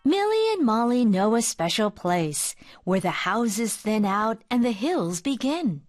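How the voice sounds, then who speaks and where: A woman reading a children's picture book aloud, gentle and expressive. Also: fairly high pitch, a little slow, no room sound, clean studio sound. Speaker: storybook reader.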